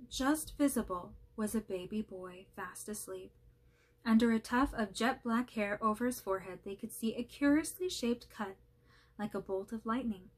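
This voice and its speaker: A woman casually reading a children's novel aloud, friendly and slightly hesitant, apologizing for slips. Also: medium pitch. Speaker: channel host reading aloud.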